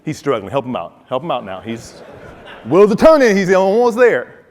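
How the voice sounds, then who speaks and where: A former football player gives a humorous motivational keynote, telling stories and speaking directly to his audience. His fairly high, darkish voice swoops wildly in pitch at a normal speed, with a big-room sound.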